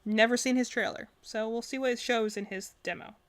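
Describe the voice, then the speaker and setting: Chatty woman streamer with a slightly high voice. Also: fairly even intonation, brisk. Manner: chatty, rambling, many fillers and self-corrections. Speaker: streamer reacting to game trailers. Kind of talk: casual live-stream commentary.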